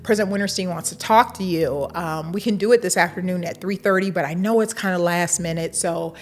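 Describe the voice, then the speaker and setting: A middle-aged woman, a university administrator, telling a lively story in an interview, acting out the dialogue and laughing now and then. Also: lowish voice, a little fast.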